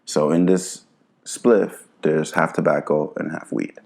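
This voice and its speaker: A man from New Jersey, a guest on a podcast, talking in a relaxed, laid-back way with lots of "you know". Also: rumbling low, measured pace, creaky. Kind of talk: casual interview chat.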